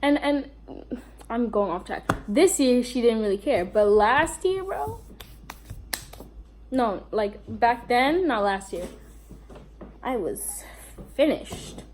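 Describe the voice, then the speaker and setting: A woman's voice: a little high, lively intonation, slow pace, long pauses, a little mellow, slight background noise. A young woman with a New York accent telling a rambling storytime vlog, full of fillers and asides. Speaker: vlogger.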